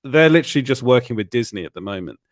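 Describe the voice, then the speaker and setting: A man's voice: mid-range voice, lively intonation, rapid-fire, dry recording, clean studio sound. A man hosting a casual live-stream chat, often repeating words as he restarts his sentences. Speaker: show host.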